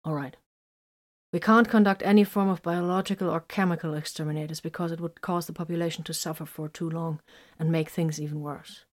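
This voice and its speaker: A woman voicing a tightly strung male space marine librarian, speaking quietly and clipped, in a fan story reading. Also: deep voice, fairly even intonation, brisk, lightly acted. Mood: grim. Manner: quiet, clipped, then bursts into roaring.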